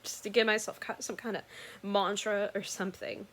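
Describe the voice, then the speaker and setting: A woman's voice: mid-range voice, level tone, normal speed. A woman earnestly recounting a personal story in casual, rambling talk that often corrects itself mid-sentence.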